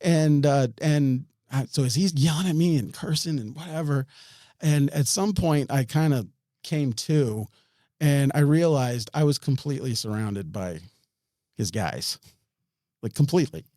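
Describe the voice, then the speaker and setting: A man's voice: mid-range voice, expressive, unhurried, warm tone, no room sound, studio quality. A man, a podcast guest, tells a story in a rambling way, with many restarts and chuckles. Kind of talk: storytelling in an interview.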